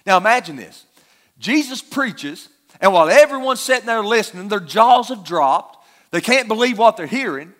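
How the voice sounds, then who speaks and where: Male preacher, high voice, emphatic expository sermon. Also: a bit bright.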